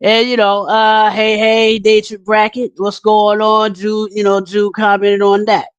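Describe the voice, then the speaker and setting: A man's voice: sits high, monotone, a little slow, clean tone, dry recording, dull audio. A man co-hosting a casual talk stream, reading viewer comments and rambling with lots of repeated words. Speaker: podcast co-host.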